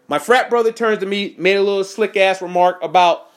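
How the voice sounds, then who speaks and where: A man's voice: high voice, a little fast. Heated, profane man telling a story. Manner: heated, profane, animated retelling with quoted dialogue. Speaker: veteran recounting an incident. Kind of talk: angry first-person account to camera.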